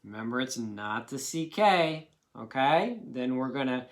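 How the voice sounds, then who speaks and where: A man's voice: mid-range voice, animated, measured pace. A man teaching a children's phonics lesson, patiently sounding out words syllable by syllable.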